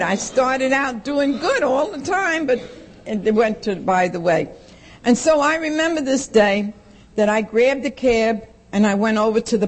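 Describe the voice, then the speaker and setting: A woman's voice: a little high, a little hiss or hum. New lady in her 60s telling her recovery story, blunt and streetwise, voice jumps all over doing the voices. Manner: blunt, streetwise and plain-spoken. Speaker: speaker sharing her story at a recovery meeting. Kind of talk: personal testimony.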